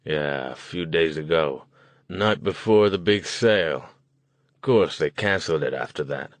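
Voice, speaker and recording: A gruff, suspicious old motel keeper, read by a man, speaking bluntly in folksy rural talk. The voice sits very deep and is recorded dry and close, like an audiobook character voice. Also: animated, measured pace, no room sound, exaggerated voice.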